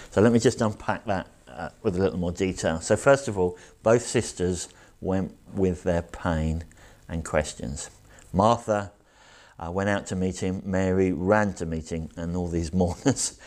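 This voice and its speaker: A man preaching a sermon and reading scripture aloud, earnest and reflective, slowing down to stress key words. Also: low voice, darkish tone. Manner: earnest, reflective, slows down for emphasis.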